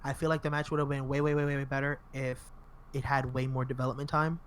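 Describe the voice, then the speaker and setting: A man co-hosting a casual wrestling podcast, talking fast and profanely and breaking into loud impressions. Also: mid-range voice, flat delivery, slight background noise. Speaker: podcast co-host. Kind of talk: casual wrestling review chat.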